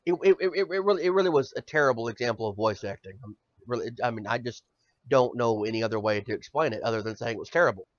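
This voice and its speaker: A man's voice: medium pitch, animated, fast talker, no echo, dull audio. A man co-hosting a casual gaming podcast, stammering through restarts and swearing freely. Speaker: podcast co-host.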